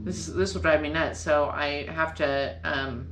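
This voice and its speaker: This woman speaks low and steady at a measured pace while hosting a chatty, casual sewing vlog from her home sewing room. She's bubbly, rambles, and often corrects herself. There's slight background noise, and the room sounds echoey with faint ambience.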